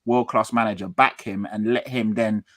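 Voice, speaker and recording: A man gives his view in a casual football chat, firm and emphatic, and he repeats himself to drive a point home. His voice sits at an ordinary pitch. The sound is dry. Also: fairly even intonation, normal speed, a bit bright, no room sound. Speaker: football podcast co-host, Spurs fan.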